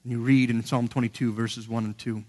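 A man's voice: flat delivery, brisk. Earnest male preacher in a reverberant hall. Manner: earnest, building to emphatic peaks and dropping to hushed lows. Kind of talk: sermon.

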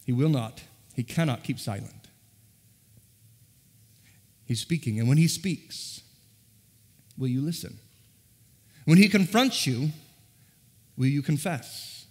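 A man's voice: mid-range voice, lively intonation, slow pace, pauses often, a little mellow, slightly rough. A man preaching a sermon as pastor, earnestly pressing his listeners with rhetorical questions, recorded in a church sanctuary. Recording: long reverb of a large church hall.

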